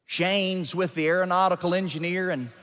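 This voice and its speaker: A male pastor telling a story in a sermon, animated and building to emphatic peaks. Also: sits high, normal speed. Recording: long church hall reverb.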